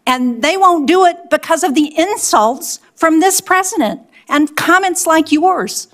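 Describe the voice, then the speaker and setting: A woman's voice: extremely high pitch, animated, a little slow. An older woman, a senator, pressing an official with firm, pointed questions at a hearing.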